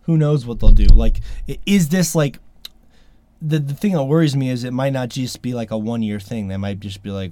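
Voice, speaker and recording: A man's voice: medium pitch, animated, moderate pace, mellow, no echo. A man hosting a podcast in casual chat, talking emphatically and grumbling with frustration. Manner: emphatic, exasperated, sweary. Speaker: podcast host.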